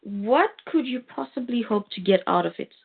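A woman's voice: a little high, animated, normal speed, vocal fry, slightly rough, full character voice. A woman voicing a stern, righteous male superhero who lectures a villain indignantly. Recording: tinny phone-like sound.

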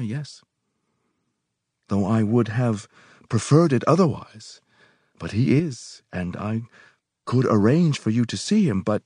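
A man reading aloud and voicing a nervous, pained young northern gentleman with a strained, apologetic manner. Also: medium pitch, slightly rough, dry recording, clean studio sound, pitched above the performer's own voice, full character voice. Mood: reluctant. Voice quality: strained, apologetic, rising to agitated.

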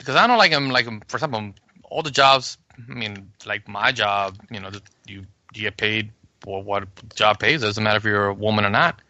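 A man co-hosting a podcast in casual chat, animated and swearing, acting out arguments he has had. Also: on the low side, fairly quick, muffled recording. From Puerto Rico. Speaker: podcast co-host.

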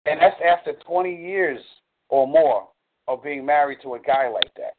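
A man's voice: on the high side, normal speed, noisy background. A man in a coaching call, explaining earnestly and drawing on examples. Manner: earnest, explanatory, uses y'all. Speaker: dating coach. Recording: tinny phone line.

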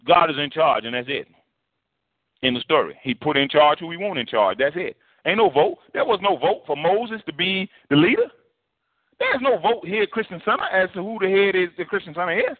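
A man preaching a sermon as pastor, colloquial and preachy. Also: on the high side. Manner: preachy, colloquial, animated with put-on voices. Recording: tinny phone-like broadcast audio.

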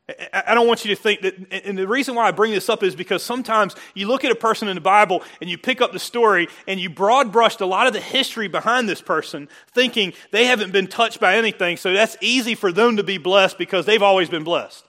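A man preaching a sermon, animated and joking, building to excited emphasis. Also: high voice, fast, few pauses. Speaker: pastor.

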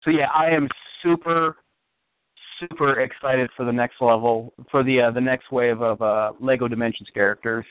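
Excited man in his thirties, tinny line. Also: medium pitch, normal speed, no echo. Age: 30s. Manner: enthusiastic, joking. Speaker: podcast guest. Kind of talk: casual chat. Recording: dry, phone-like audio.

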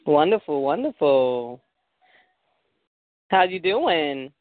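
A man's voice: on the high side, big pitch swings, slow pace, no echo. A man hosting an online show, talking himself through fumbling with the mute controls on a tablet. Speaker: host. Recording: tinny phone-like call audio, dry.

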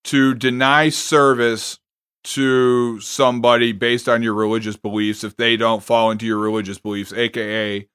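A man's voice: medium pitch, flat delivery, moderate pace, fairly bright tone, clean tone, no room sound, studio quality. A man co-hosting a casual podcast, blunt and crude, keeping the conversation on track. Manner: blunt, crude jokes, steers the segment. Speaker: podcast co-host. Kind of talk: casual chat.

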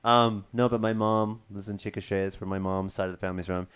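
A man's voice: fairly low pitch, fairly even intonation, fast talker, clear, resonant tone. A man co-hosting a podcast, rambling casually and laughing easily. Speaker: podcast co-host. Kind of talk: casual chat.

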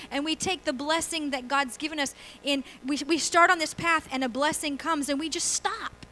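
A woman's voice: sits high, steady tone, normal speed, few pauses, pushed and bright, a little hiss or hum, rough recording. A woman pastor giving a conversational sermon, asking the congregation questions and laughing easily. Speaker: guest pastor.

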